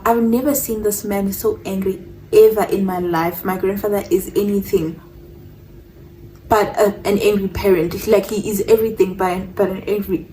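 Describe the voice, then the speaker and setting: A young woman telling a personal story on her vlog, animated and mixing English with Zulu phrases. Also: medium pitch, recorded from a distance, a little hiss or hum, rough recording. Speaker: vlogger.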